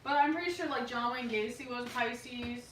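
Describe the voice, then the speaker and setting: Chatty woman with a bright voice in an echoey room. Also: a little high, normal speed, a little hiss or hum. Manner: chatty, laughs often, drops to a murmur at times. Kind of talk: casual chat. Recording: roomy, echoey sound from a distant mic.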